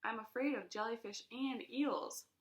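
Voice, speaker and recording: A woman voicing an excitable, dramatic young schoolgirl who screeches and hollers in a high voice. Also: moderate pace, reverberant, natural voice. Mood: chatty. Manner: screeching, shrill panicky shouts.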